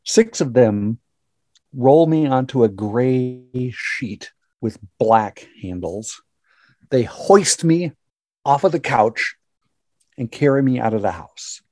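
An older man from Minnesota telling a personal story aloud in the present tense, measured and dramatic, with long pauses. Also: mid-range voice, darkish tone, no echo, clean studio sound. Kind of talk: personal story told to an audience.

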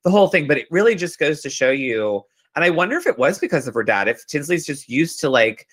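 Bright-sounding guy, gossipy podcast cohost, animated and a bit sweary. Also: fairly high pitch, fast. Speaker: podcast co-host. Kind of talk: casual chat recapping a reality show.

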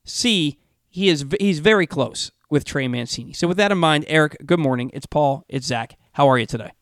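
A man hosting a sports talk radio show, animated and stumbling over his words, on a studio mic. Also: a little high, a little fast, no echo.

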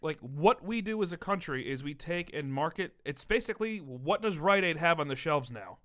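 A man's voice: a little high, expressive, normal speed, fairly bright tone, no echo, clean studio sound. A man from the United States in casual podcast chat, blunt and profane, ranting with heat. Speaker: podcast co-host.

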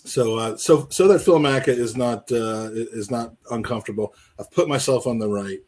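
A male co-host of a casual football podcast, talking in a loose, jokey ramble. His voice sits at an ordinary middle pitch, and he keeps calling out to listeners in the live chat. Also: normal speed, a little mellow.

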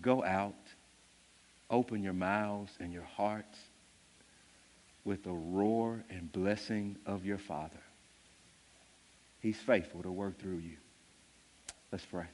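A man preaching a sermon, with animated, emphatic delivery that builds to loud peaks. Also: low-pitched, takes it slowly, long pauses. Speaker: pastor. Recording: long reverb of a large hall.

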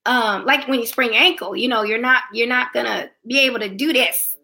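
Bright-voiced woman telling a candid story. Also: a little high, a little fast, vocal fry. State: recovering from throat surgery. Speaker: musical theater performer. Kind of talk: casual conversation.

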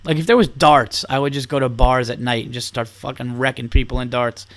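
A man's voice: medium pitch, brisk. A man hosting a podcast, rambling and swearing through a comedic rant. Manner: rambling, profane, animated ranting. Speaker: podcast host. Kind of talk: comedic monologue.

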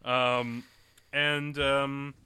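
A man's voice: medium pitch, little pitch movement, very slow, pushed and bright, clean tone, no room sound. A man co-hosting a podcast, chatting casually about movies, rambling with lots of fillers and frequent laughs. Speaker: podcast co-host. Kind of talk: casual movie review chat.

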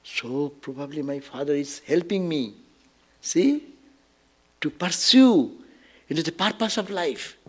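A man with a somewhat high voice teaches a scripture story as a spiritual discourse. He stays animated and chuckles now and then. He stops often to make a point or to ask the listeners a rhetorical question. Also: measured pace, long pauses, husky. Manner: explains step by step with frequent rhetorical asides.

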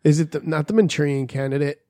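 A man with a fairly high voice who jokes and swears through quick banter. The sound is dry and close, with no echo. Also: a little mellow. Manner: joking, profane, quick banter. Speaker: podcast co-host. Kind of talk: casual chat.

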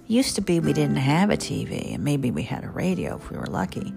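A middle-aged woman tells family stories on a radio podcast, conversational and humorous, with asides to listeners and guitar music playing behind her. Her low, creaky voice swings hugely in pitch, and she talks briskly.

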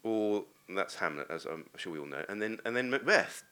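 A man's voice: on the low side, lively intonation, moderate pace, few pauses, bright, forceful tone, clean tone. A man preaching a sermon, earnest and posing rhetorical questions to the congregation.

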